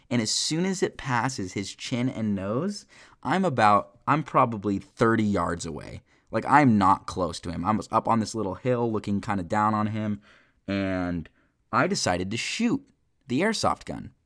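Young man telling a story in a low voice. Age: young adult. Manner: animated, filler-heavy, acts out quotes. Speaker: podcast host. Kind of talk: casual storytelling.

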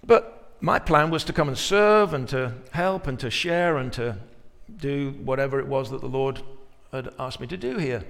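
A male pastor preaching a sermon, moving from quiet reflection to loud, emphatic peaks. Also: medium pitch, moderate pace, gravelly, few pauses, big-room sound.

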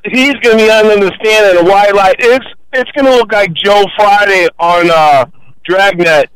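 A man's voice: high-pitched, moderate pace, a bit bright, clean tone, no echo. Boisterous older male radio caller. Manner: boisterous storyteller, acts out voices. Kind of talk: sports radio call-in. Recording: phone line.

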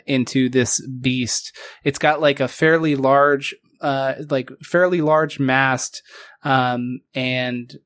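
A man narrating a tabletop game as game master, rambling and halting with many fillers. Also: medium pitch, a bit bright, no room sound.

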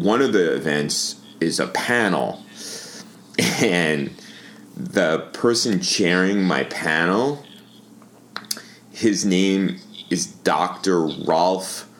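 A man's voice: low-pitched, fairly bright tone, a little hiss or hum. A man co-hosting a podcast, chatting casually and telling a story through bursts of laughter. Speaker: podcast co-host. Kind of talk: casual chat.

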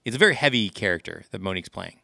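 A man's voice: sits low, expressive, rapid-fire, creaky, pushed and bright, dry recording, studio quality. A man co-hosting a casual film review chat, playful and fond of jokes. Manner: playful, jokey. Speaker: podcast co-host reviewing films.

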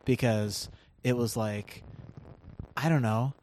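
A man's voice: medium pitch, fairly even intonation, slow, a little mellow. A man in the middle of his range chats through a TV recap on a podcast, loose and talkative and sprinkling in fillers. A faint hiss sits under his voice. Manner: chatty, laughs often, many fillers. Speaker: podcast co-host. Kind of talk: casual TV recap chat.

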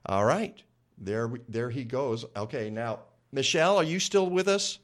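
A man's voice: medium pitch, animated, normal speed. A man hosting a radio show from the studio, chatty and rambling, with lots of fillers. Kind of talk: casual radio talk.

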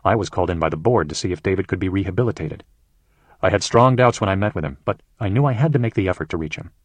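A man with a low, husky voice narrates his own case story in a measured, storytelling manner. The recording is dry and close, with no room sound. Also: lively intonation, dry recording. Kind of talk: scripted audiobook narration.

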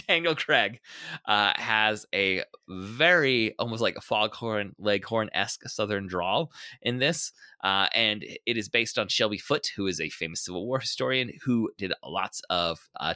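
A man hosts a relaxed film podcast with a bright, forceful voice. He chats through trivia loosely, with lots of fillers along the way. The recording is dry and close. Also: on the low side, no echo. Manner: chatty, sharing trivia with frequent fillers and laughs. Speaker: podcast host. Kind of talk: casual film discussion.

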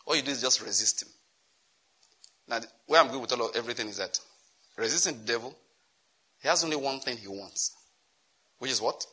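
A middle-aged man with a Nigerian English accent preaches a teaching sermon, telling stories animatedly, acting out dialogue and laughing along. His medium-pitched voice is slightly rough, a little fast, with frequent pauses.

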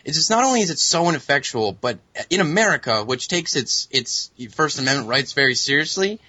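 Bright, sardonic young man ranting. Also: fairly high pitch, sing-song, brisk, dry recording. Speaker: podcast co-host. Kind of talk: ranting commentary. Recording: dull lo-fi sound.

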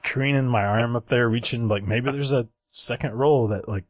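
A man's voice: mid-range voice, normal speed, no room sound. Rambling young guy telling a gross story on a podcast, slips into voices for people, laughs at himself, dead dry sound. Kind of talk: casual storytelling chat.

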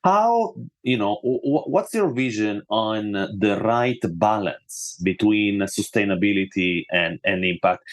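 Low-voiced guy hosting a podcast panel, lots of uhs and restarts. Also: animated, slow pace, hardly any pauses. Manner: hesitant, many fillers and restarts. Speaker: podcast host.

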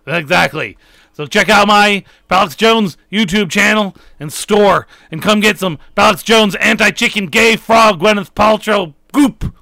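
A man doing a gravelly, ranting conspiracy radio host. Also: high-pitched, a little slow, no echo, exaggerated voice. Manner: shouty, paranoid ranting.

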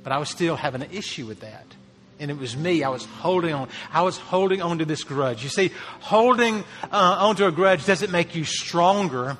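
A man's voice: a little high, expressive, normal speed, fairly bright tone, long reverb tail, faint music behind. A man preaching a sermon as a pastor, earnest, lifting his voice to stress key phrases.

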